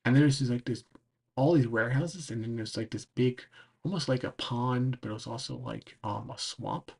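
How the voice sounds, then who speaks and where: A man rambles through a casual travel recap as a streamer, his voice slipping away as he talks. The tone is rough and breathy, with a gravelly catch at the bottom. He leans on "like" and "um" throughout. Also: medium pitch, normal speed, darkish tone. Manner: rambling, full of "like" and "um". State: losing his voice. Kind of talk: casual recap while browsing a map.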